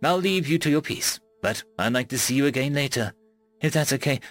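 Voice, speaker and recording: A man voicing an earnest, gentle young woman student who speaks politely and reassuringly in a storybook reading. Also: mid-range voice, animated, brisk, dry recording, soft background music, close to an everyday voice.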